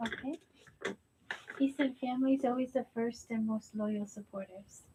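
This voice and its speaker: Breathy high-voiced woman reading chat. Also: steady tone, moderate pace, dark tone, poor audio. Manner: brief, offhand interjections. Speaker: host's wife reading out viewer comments. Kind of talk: off-camera remarks and reading chat.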